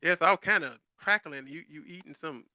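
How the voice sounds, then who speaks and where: A man co-hosting a podcast in casual chat, animated and laughing often. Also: on the high side, normal speed, no echo. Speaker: podcast co-host.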